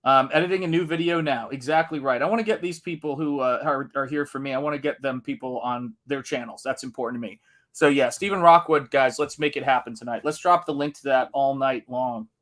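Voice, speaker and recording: A man's voice: medium pitch, fairly quick, fairly bright tone. A man hosting a live art stream in a casual, upbeat way, greeting chat viewers one by one. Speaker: livestream host.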